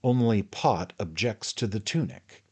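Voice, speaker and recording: A man voicing an eager young gentleman who chatters and takes offense quickly. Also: fairly low pitch, lively intonation, husky, pitched above the performer's own voice.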